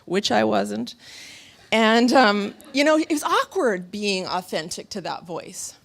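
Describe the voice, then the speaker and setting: Animated woman giving a motivational stage talk. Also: medium pitch, measured pace, creaky. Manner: animated, laughing storyteller. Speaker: motivational speaker. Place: stage before a live audience.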